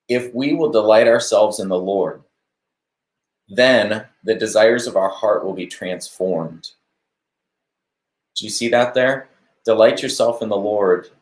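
A man hosting a live stream, giving a relaxed devotional talk on a verse and chatting to viewers as they comment. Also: on the low side, roomy sound. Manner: conversational, warm-hearted preaching with asides to viewers.

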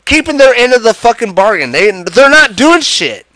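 A man's voice: very high voice, very animated, moderate pace, bright, forceful tone, no room sound. Heated, profane man ranting. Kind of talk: angry political rant.

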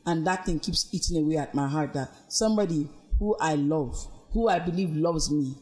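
A woman speaking as a podcast guest about her own experiences. She tells her story in an earnest, reflective way. She brings the quoted voices of others to life with lively, expressive shifts in pitch. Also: normal speed. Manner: animated, acts out quoted speech with big pitch swings. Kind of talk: personal storytelling in conversation.

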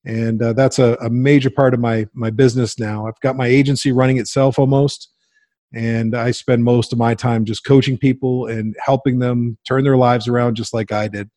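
A man in his forties, a guest on an interview show, telling a lively story about his life and acting out the people in it, laughing often. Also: medium pitch, moderate pace, dry recording. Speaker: guest, coach and agency owner.

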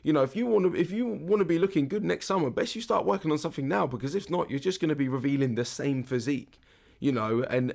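A man, hosting a casual podcast as a fitness coach, talking frankly with many restarts. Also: medium pitch. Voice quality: husky. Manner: frank, rambling, lots of restarts and fillers.

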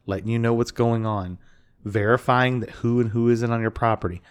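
Animated man telling a story. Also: mid-range voice, moderate pace, smooth. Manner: animated, acts out quotes with profanity. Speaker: podcast co-host. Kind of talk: casual storytelling chat.

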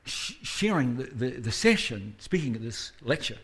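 Man, guest preacher, church sermon, conversational, husky voice, self-deprecating asides. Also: medium pitch, sing-song, moderate pace, fairly bright tone. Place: church service.

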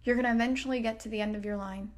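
A woman's voice: fairly high pitch, steady tone, very fast. A woman hosting a self-help podcast, talking casually and swearing freely. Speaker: podcast host. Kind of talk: motivational self-help talk.

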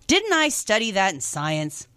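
A woman hosts a radio shopping show in a loose, chatty way, quick to exclaim in disgust. Her voice is bright and forward. The studio sound is dry and close. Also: medium pitch, wildly swooping pitch, clean tone, no room sound. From lived in New York. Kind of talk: casual radio chat.

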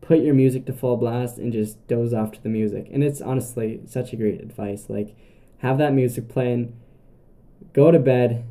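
Young male podcast host with a very dark, mellow voice. Casual, rambling storyteller. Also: mid-range voice, fairly even intonation, normal speed. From Canada. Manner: rambling, many filler "like"s and restarts.

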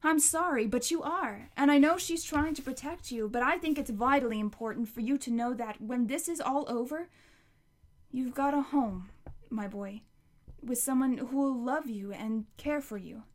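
A woman's voice: high voice, moderate pace. A woman voicing a stern grandmother. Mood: earnest. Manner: firm and scolding.

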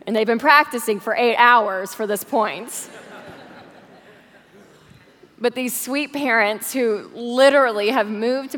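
A woman's voice: on the high side, a bit bright. A woman guest speaker telling a vivid, heartfelt story as part of a sermon in a large church auditorium. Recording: long hall reverb.

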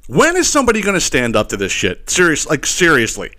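A man hosting a solo podcast, ranting in a profane, animated way with laughing asides and repeated "you know what I mean". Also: on the high side, fast talker. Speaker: podcast host.

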